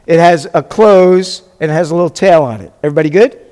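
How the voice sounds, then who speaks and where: A man's voice: on the high side, quick pace, dark tone, big-room sound. A man teaching a Hebrew class as a rabbi, patiently spelling things out and checking in often with his students. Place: classroom or hall with a live class.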